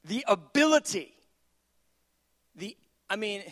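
A male pastor preaching a sermon, retelling scripture in a casual, conversational way, often chuckling and swinging from hushed asides to loud, emphatic declarations. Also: sits high, expressive, measured pace.

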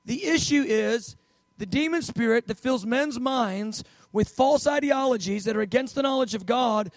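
A man with a strikingly high voice preaches a sermon, telling stories in an easy conversational way. He leans into key words by slowing right down. The sound is close and dry, with no room echo. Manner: conversational storytelling, emphatic slow stresses.

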